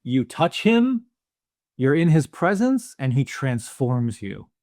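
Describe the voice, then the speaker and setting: A man's voice: mid-range voice, very animated, slow, darkish tone, no room sound, clean studio sound. Man musing in casual podcast chat. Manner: thoughtful, musing, many "you know" fillers. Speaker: podcast co-host. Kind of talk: casual film discussion.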